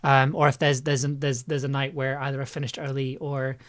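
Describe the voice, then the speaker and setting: A woman's voice: a bass voice, flat delivery, a little fast. A woman chatting loosely on her own live stream about making an audio piece, rambling and laughing often at herself. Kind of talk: casual live-stream chat.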